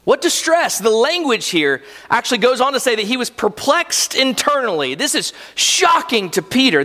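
A man's voice: very high-pitched, bright, forceful tone, big-room sound. A man preaching a sermon as a pastor, telling the story vividly and with animation.

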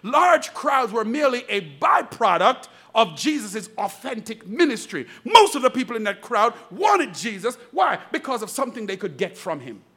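High, husky, fervent preaching man. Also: big pitch swings, moderate pace, hardly any pauses, a bit bright. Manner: fervent preaching, calls out to the congregation. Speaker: pastor. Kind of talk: sermon. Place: church pulpit.

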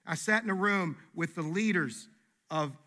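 A man's voice: high-pitched, a little slow, bright, forceful tone. A man preaching a sermon as pastor, emphatic and folksy, repeating his key phrases.

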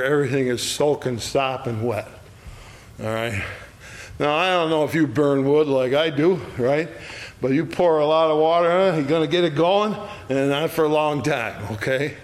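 A man teaching an adult Bible study, retelling a story with lively acted quotes and chuckles. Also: medium pitch, a little hiss or hum.

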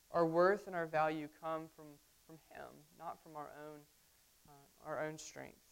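A woman pastor preaching a sermon, conversational, often checking in with the congregation. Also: sits low. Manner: conversational, frequent "right?" asides to the congregation.

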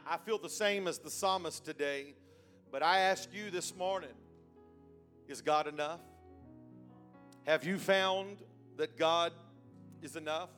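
A man with a high voice preaches a sermon in church. He starts quiet and halting, then climbs to loud, shouting emphasis. A faint instrument plays softly behind him.

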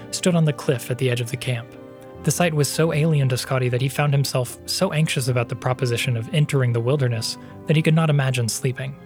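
A man narrating a fantasy story as the podcast's host, in even, measured storytelling. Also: medium pitch. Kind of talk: scripted audiobook narration.

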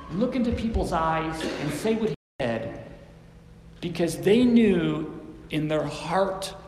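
A man's voice: high-pitched, a little hiss or hum. Guy preaching a sermon, chatty and earnest, echoey church hall, long reverb. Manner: earnest, conversational preaching with anecdotes. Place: church sanctuary.

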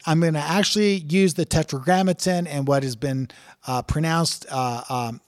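A man's voice: medium pitch, no echo, clean studio sound. A man teaching from scripture in an earnest way, reading passages aloud with emphatic rises and talking through their meaning. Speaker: Bible teacher.

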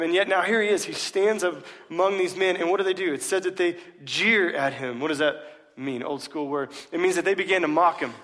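A man's voice: fairly high pitch, a bit bright. A male pastor preaching a sermon in a casual, emphatic way, full of slang, in a church. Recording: long reverb of a large hall.

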